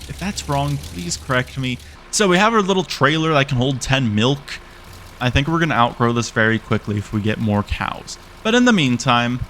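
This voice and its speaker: A man's voice: medium pitch, fairly bright tone, a little hiss or hum. A young man giving casual, chatty commentary over a farming game, playfully exasperated and talking to the animals on screen. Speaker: gaming YouTuber.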